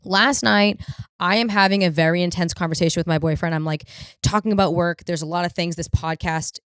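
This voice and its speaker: A woman's voice: fairly low pitch, fairly quick, clear, resonant tone, no room sound, clean studio sound. A young woman hosting a podcast, telling rambling, profane stories in a casual comedic monologue. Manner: rambling, profane, animated storytelling. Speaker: podcast host.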